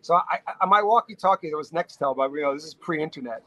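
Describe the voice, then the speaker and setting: A middle-aged man from New York, a restaurateur telling stories as a podcast guest, talking in quick bursts with frequent restarts. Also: fairly high pitch, no echo, poor audio. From New York, USA. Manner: animated storyteller, talks fast in bursts with frequent restarts. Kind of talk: casual storytelling interview.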